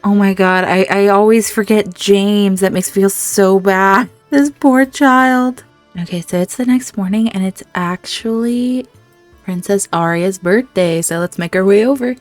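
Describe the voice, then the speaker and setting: A woman's voice: mid-range voice, steady tone, moderate pace, a little mellow, no room sound, soft background music. A young woman giving chatty gameplay commentary, playfully scolding the characters in her game. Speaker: gaming video host.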